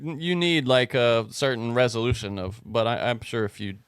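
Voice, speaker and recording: A man's voice: medium pitch, normal speed, clean tone, no room sound. A man co-hosting a comedy podcast, easygoing and teasing, often laughing. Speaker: podcast co-host.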